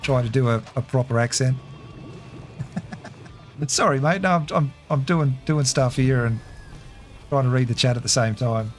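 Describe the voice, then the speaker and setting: A man's voice: medium pitch, normal speed, long pauses, faint music behind. A man casually commentating a game live, chatty and laughing easily while reading his chat. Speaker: game streamer.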